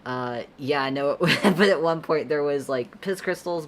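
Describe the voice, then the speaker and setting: Very low-voiced, laid-back young woman streamer. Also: a little slow, hardly any pauses, slight background noise. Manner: laid-back, rambling, giggly, slangy. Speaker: artist streamer answering chat. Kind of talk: casual livestream chat while drawing.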